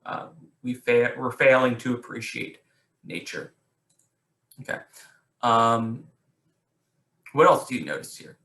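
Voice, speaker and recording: A male teacher leads an online poetry class, his voice bright and ringing in an echoey room. He stops and restarts often and keeps asking his students questions. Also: mid-range voice, animated, takes it slowly, pauses often. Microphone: video call.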